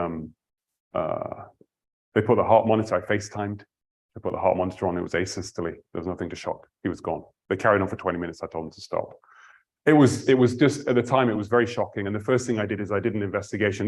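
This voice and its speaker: Middle-aged male cardiologist from the UK, lowish voice, rapid talk-style storytelling with asides. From United Kingdom. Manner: conversational storytelling with asides and restarts. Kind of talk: public talk, personal story.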